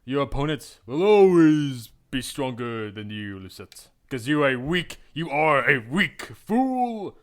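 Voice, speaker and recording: A man's voice: medium pitch, big pitch swings, a little slow, hardly any pauses. A man voicing a stern male combat mentor, lecturing and mocking his pupil as he reads a visual novel aloud.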